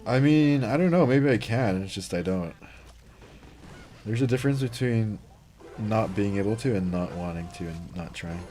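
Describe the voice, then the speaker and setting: A man's voice: fairly low pitch, moderate pace, long pauses, dark tone. A young man livestreaming a mobile game, chatting casually, reading chat and reacting to plays.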